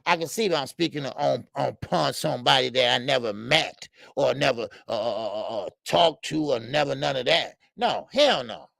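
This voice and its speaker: Gravelly, profane man ranting on a livestream. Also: mid-range voice, moderate pace, few pauses, a bit bright, no echo. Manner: blunt, profane, repetitive, heated. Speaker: boxing livestream host. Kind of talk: heated livestream rant.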